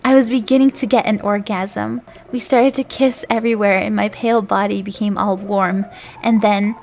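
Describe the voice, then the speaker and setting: A woman's voice: mid-range voice, fairly even intonation, normal speed, gravelly, darkish tone. A young woman streamer reading a story aloud for laughs, breaking off with asides and stumbling over names. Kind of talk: comedic dramatic reading aloud.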